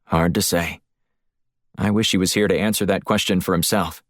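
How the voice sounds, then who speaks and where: A man's voice: low voice, steady tone, normal speed, no room sound, clean studio sound, lightly acted. A male audiobook narrator voicing a hardened, blunt covert agent who speaks in clipped lines. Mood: flat. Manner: clipped, growling.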